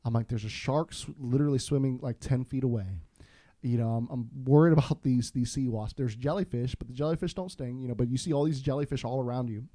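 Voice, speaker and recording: Man, young adult, podcast guest, casual storytelling, animated, restarts a lot. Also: mid-range voice, quick pace, dry recording, clean studio sound. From Florida. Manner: animated, self-deprecating, with many restarts.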